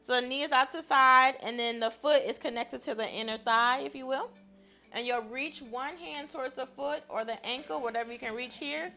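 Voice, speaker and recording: A woman's voice: high voice, moderate pace, vocal fry, pushed and bright, soft background music. A woman guiding a stretching class in an upbeat, chatty way, often laughing as she talks. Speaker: fitness instructor.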